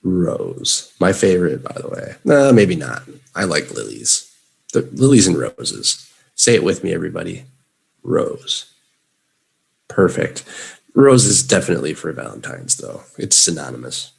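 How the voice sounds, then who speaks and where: This Chicago native runs a live English vocabulary lesson where students repeat his words, and his Chicago accent comes through clearly. His voice sits low and gravelly, slightly rough, with big pitch swings at a moderate pace.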